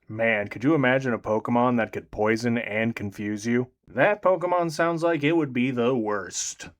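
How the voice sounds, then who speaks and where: A young man giving comedic, sarcastic commentary on a video game, swinging between loud exclamations and dry mutters. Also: medium pitch. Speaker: gaming commentator.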